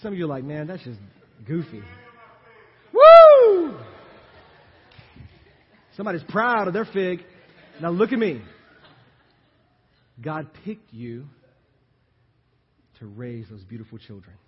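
A middle-aged male pastor preaching a sermon with a husky, slightly high voice. He works the congregation with call-and-response, rising to loud appeals and dropping to quiet, slow lines. The recording is muffled and lo-fi, with a long reverb from the church sanctuary.

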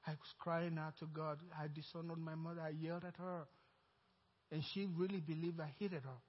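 Nigerian pastor telling a story in his sermon, high voice, echoey dull hall sound. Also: normal speed. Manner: storytelling, acting out quoted dialogue, growing louder and more excited.

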